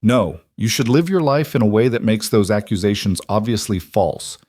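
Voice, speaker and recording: A man doing a calm, steady cowboy. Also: lowish voice. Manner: calm and measured.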